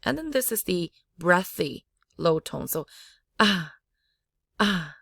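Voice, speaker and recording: Slow, low-voiced woman teaching pronunciation. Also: big pitch swings, gravelly, dry recording, studio quality. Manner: demonstrates sounds by repeating them loudly. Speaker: language teacher. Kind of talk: slow spoken language lesson.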